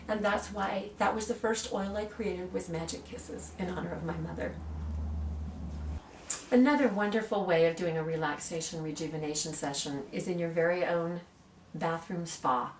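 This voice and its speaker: Soft earnest woman in her 60s showing oils, mic kinda far off in a roomy space. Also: on the low side, fairly even intonation, a little hiss or hum. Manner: soft, earnest, reads blessings slowly. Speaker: aromatherapy practitioner. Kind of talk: gentle demonstration and personal storytelling. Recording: roomy sound from a distant mic, faint ambience.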